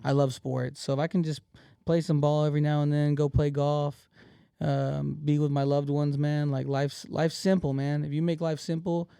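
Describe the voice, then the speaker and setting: A man's voice: fairly high pitch, flat delivery, moderate pace, gravelly, dark tone, smooth, dry recording, studio quality. A man talking in a casual podcast chat as the guest comedian, earnest and rambling, calling people "bro" and "man".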